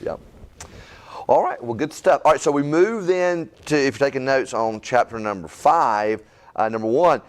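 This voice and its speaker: A man's voice: mid-range voice, moderate pace. A middle-aged male pastor, teaching a conversational Bible-study sermon in a folksy, repetitive way. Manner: animated, folksy, repeats words and asks "right?".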